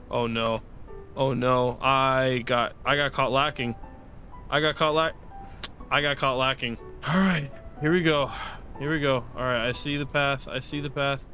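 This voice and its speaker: A young man doing let's play commentary, excitable and sarcastic, pleading and shouting at the game as he plays. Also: medium pitch, moderate pace, soft background music. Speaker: gaming YouTuber.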